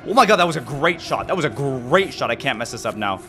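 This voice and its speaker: A man giving casual gameplay commentary, jumpy and excitable, yelping and muttering to himself. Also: mid-range voice, fast talker, faint music behind. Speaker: gaming video host.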